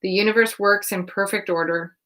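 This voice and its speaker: A woman reads oracle cards and then slips into casual storytelling with a bright, crisp edge to her voice. She is animated and blunt, swearing freely and laughing as she talks. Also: mid-range voice, fairly quick, rough recording. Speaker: tarot reader.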